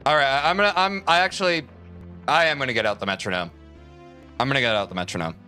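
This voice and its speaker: A man's voice: mid-range voice, fast talker, bright, forceful tone, soft background music. A young man streaming a speedrun, chatting casually with his viewers, answering their messages and swearing freely. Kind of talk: casual live-stream chat while playing.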